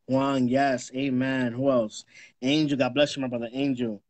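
A man hosting a ministry livestream, greeting viewers by name with blessings and shout-outs. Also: medium pitch, flat delivery, moderate pace, no echo. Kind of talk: casual livestream chat.

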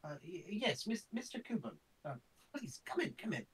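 A man's voice: high voice, big pitch swings, normal speed, slightly rough, distant mic, pitched above the performer's own voice, full character voice, poor audio. A man voicing a fussy, absent-minded male scholar who stammers and speaks in a genteel, old-fashioned way. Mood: welcoming. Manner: genteel, stammering, calls others "my boy" and "old chap".

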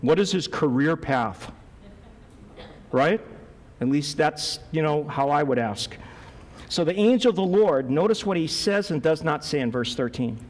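A male pastor preaching a sermon, lively, acting out the voices of Bible figures as he goes. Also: a little high, unhurried, long reverb tail.

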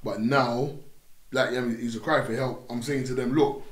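London guy, young, telling stories animated on a podcast, roomy echo. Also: medium pitch, moderate pace. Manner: animated storytelling, acts out voices in his anecdotes. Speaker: podcast guest. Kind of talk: casual podcast chat. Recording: roomy room.

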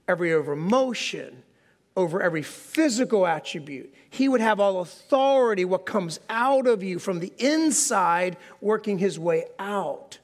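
A pastor delivering a sermon to his congregation, talking in a relaxed, conversational way and poking fun at himself. His speaking voice sits quite high for a man. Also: moderate pace. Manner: conversational, self-deprecating, asks the congregation questions. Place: church sanctuary before a congregation.

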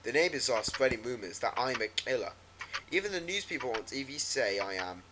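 A frightened, hopeless aunt confides her fears in a low, hushed voice, as a man reads her diary aloud. The read turns lively in pitch even while it stays quiet. Clicks and a ticking clock crowd the noisy recording. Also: brisk, lightly acted. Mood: fearful. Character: paranoid, despairing middle-aged aunt writing her diary.

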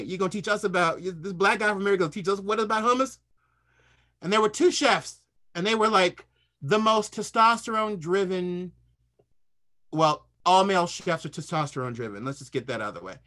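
A man speaking as a culinary historian, telling animated, humorous stories with playful repetition. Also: sits high. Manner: humorous, playful, repeats words. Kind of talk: animated anecdotal storytelling.

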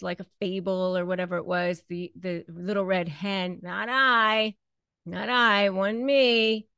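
A woman's voice: mid-range voice, clean tone, no room sound. A woman hosting an advice talk, speaking conversationally and acting out bits of quoted dialogue. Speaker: host.

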